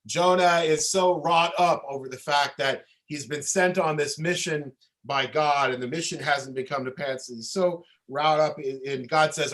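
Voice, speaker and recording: A man's voice: a little high, moderate pace, fairly bright tone, rough recording. A man leading a Torah study lesson as rabbi on a video call, talking conversationally and often checking in with "okay?" and "right?". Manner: frequent restarts, winding explanation.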